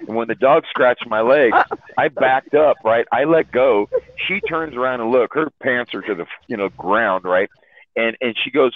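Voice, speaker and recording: A man's voice: medium pitch, normal speed, no room sound. Rambling man on a tinny line. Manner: rambling, repeats words, laughs a lot. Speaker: chat room caller telling stories. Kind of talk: casual storytelling. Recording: tinny phone-like line, dry.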